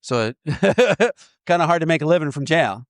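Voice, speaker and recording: A man sponsoring in a recovery program, walking a listener through an inventory in a lively, joking way with frequent laughter. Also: a little high, normal speed, no room sound, studio quality. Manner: animated, laughs often, acts out voices. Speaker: AA sponsor guiding a step inventory. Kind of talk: casual teaching talk.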